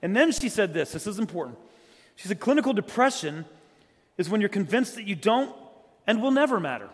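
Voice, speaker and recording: A middle-aged man from South Carolina preaching in a church, telling funny stories in a casual way and then turning quiet and earnest. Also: sits high, big pitch swings, a little fast. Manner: joking, conversational, swings from loud storytelling to quiet earnest. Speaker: guest preacher. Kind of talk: humorous storytelling sermon. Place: church sanctuary. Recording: long church hall reverb.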